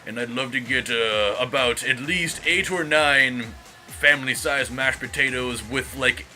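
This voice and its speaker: A man voicing a gluttonous man who rambles through an enormous fast-food order. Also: high voice, very animated, bright, forceful tone, faint music behind, pitched above the performer's own voice, exaggerated voice.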